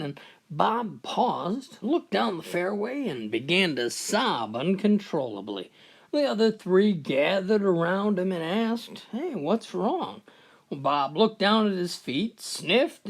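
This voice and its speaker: Slow, gravelly man telling golf jokes. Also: high-pitched. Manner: laid-back, folksy, lots of "well". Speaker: joke teller. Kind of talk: storytelling jokes.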